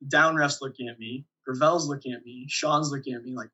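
A young man, a volleyball player, telling stories in a relaxed interview with frequent chuckles and restarts. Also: medium pitch, a little fast, husky, dull audio. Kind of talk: casual interview storytelling.

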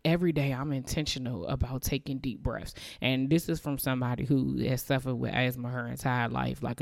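A woman's voice: very deep voice, gravelly, a little mellow, dry recording, studio quality. A woman in her thirties hosting a faith podcast, speaking earnestly and emotionally as she encourages her listeners. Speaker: podcast host. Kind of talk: motivational faith podcast monologue.

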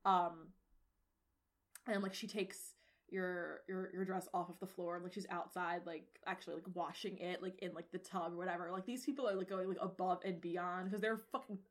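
A woman's voice: fairly low pitch, fairly even intonation, moderate pace. Rambling woman game master, full of fillers. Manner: rambling, heavy filler words, blunt and profane. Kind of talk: narrating and role-playing a tabletop game.

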